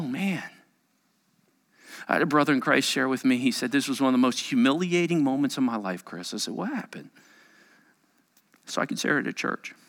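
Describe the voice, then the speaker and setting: A middle-aged man preaching a sermon, animated and acting out the voices of the people he quotes. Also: mid-range voice. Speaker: pastor.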